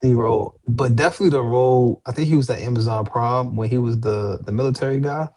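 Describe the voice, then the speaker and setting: A man's voice: mid-range voice, fast, warm tone. A young man co-hosting a podcast in casual chat, laid-back and making short, wry remarks. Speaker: podcast co-host.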